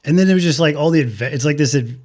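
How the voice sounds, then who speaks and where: A man's voice: fairly high pitch, rapid-fire, darkish tone. A man co-hosting a podcast, telling stories in rambling, profane casual chat full of fillers. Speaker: podcast co-host.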